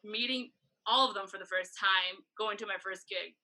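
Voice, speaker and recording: A woman guest on an interview podcast, chatty and animated, telling a long story and acting out the other people's lines. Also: mid-range voice, moderate pace, rough recording. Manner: chatty, animated, acts out quoted dialogue. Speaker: guest, tour photographer.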